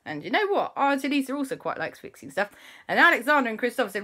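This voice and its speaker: A woman spins a silly children's tale aloud, her voice bright and sparkling. She narrates with a lively, sing-song lift. The telling feels playful and improvised. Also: moderate pace. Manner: animated, voices characters with big pitch jumps. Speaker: children's storyteller. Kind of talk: improvised bedtime-style storytelling.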